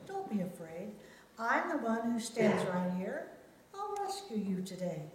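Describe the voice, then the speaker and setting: A woman reading a Bible story aloud, speaking Jesus's lines in a calm, reassuring, steady way. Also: sits high, unhurried. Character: calm, gentle adult male Jesus. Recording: very echoey room.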